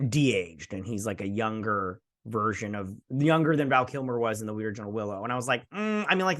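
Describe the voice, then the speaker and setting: With a medium-pitched, somewhat bright voice, the host of a casual show review wanders through the episode's plot. He acts out the characters in silly put-on voices as he recaps and reviews.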